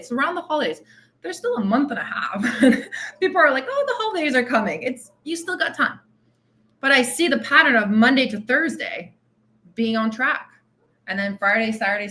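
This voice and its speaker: Female coach-host, blunt and motivating, slightly high pitch, punchy repetition. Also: pushed and bright. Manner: direct tough-love, repeats phrases for emphasis. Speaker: weight loss coach and podcast host. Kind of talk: motivational monologue.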